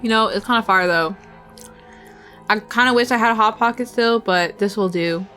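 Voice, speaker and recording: A woman's voice: mid-range voice, normal speed, pushed and bright, faint music behind. A young woman streamer chatting casually with her viewers, rambling and giggly, talking while she eats.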